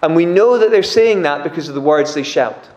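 Man preaching, a bit high-pitched, animated, echoey church hall. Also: a little fast, lo-fi sound. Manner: animated, acts out crowd voices. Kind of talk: sermon. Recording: echoey room.

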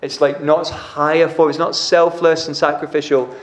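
Casual preacher in an echoey hall. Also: male voice, on the high side, little pitch movement, normal speed. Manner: conversational, uses "like" and acts out dialogue. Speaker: pastor. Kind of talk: sermon. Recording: echoey room.

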